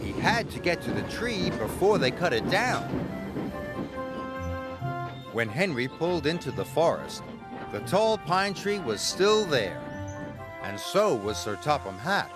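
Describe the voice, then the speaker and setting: A man narrates a children's story with expressive, gently dramatic delivery. His pitch moves a lot and sits a little high. Music plays underneath. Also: measured pace.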